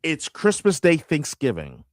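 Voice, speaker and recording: Animated stammering man talking sports. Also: a little high, measured pace, no room sound, studio quality. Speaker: radio host guest. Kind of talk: casual sports talk.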